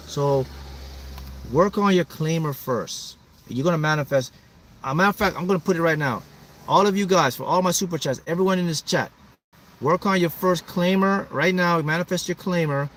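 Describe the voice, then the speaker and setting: A man's voice: a little high, a little hiss or hum. A man hosting a motivational livestream, talking emphatically and repeating himself to pump up his viewers. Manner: emphatic, repetitive, pumping up viewers. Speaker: manifesting coach hosting a livestream.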